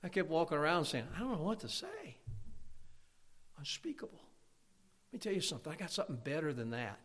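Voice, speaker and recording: A man preaching a sermon, swinging between loud fervent passages and quiet intimate asides. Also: mid-range voice. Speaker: pastor.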